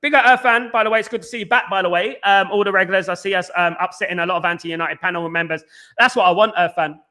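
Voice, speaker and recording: A man hosts a casual live fan stream, firing off words at a rapid clip. His voice sits high and bright. He keeps chatting to viewers and reading out their comments. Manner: very fast-talking, reads out viewer comments.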